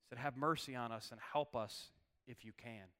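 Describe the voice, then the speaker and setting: A man preaching to his congregation, reading scripture and then hammering home its point with repetition. His voice is bright and ringing, crisp and resonant. He sits at an ordinary, middle pitch. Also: moderate pace. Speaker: pastor. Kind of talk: sermon.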